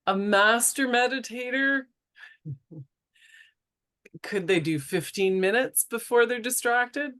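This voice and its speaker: A woman hosting a podcast interview, reacting expressively and quick to laugh. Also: on the high side, a bit bright. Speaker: podcast host. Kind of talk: casual interview conversation.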